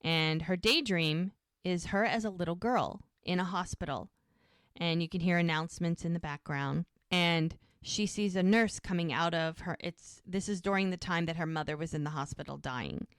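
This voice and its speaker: A woman's voice: on the low side, normal speed, smooth, no echo, clean studio sound. A middle-aged woman co-hosting a podcast, chatting casually as she recaps a TV episode and retells the scenes. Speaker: podcast co-host. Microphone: podcast microphone.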